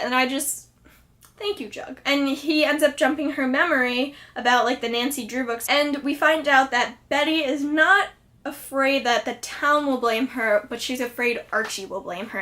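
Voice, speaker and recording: High-voiced chatty woman vlogger. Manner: chatty, excitable, lots of "like" and "friggin'". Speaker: TV episode reviewer. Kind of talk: casual vlog recap.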